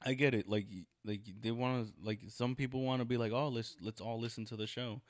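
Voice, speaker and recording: A man's voice: mid-range voice, level tone, a little fast, no echo. A man in casual chat, laid-back and agreeable, laughing along and sharing comedy stories. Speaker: stand-up comedian, podcast co-host.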